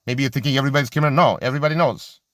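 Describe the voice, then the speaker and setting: A man's voice: mid-range voice, fairly bright tone, dry recording, clean studio sound. A man giving an unscripted, impassioned monologue about religion and society, often stopping to search for words and restarting his sentences. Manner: halting, searches for words, many restarts and fillers; impassioned, argumentative.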